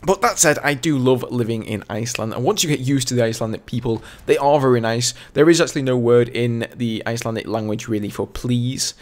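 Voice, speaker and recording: A man's voice: mid-range voice, fairly quick, few pauses. A young man from England with an English accent, a gaming channel host telling a casual story in a chatty, rambling way. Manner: chatty and rambling, full of "you know".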